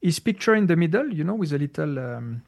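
A man speaking English as a second language, explaining spiritual ideas in a casual, halting way with many fillers and searches for words. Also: fairly high pitch, very animated, vocal fry, darkish tone. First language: not English. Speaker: spiritual teacher. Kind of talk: casual conversational talk.

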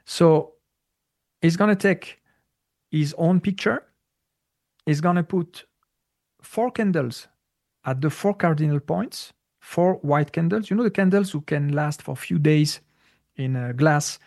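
A man answering a listener's question in a casual talk, halting and searching for words with many restarts. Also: on the high side, gravelly, a little mellow. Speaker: spiritual teacher answering questions. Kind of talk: casual spoken Q&A.

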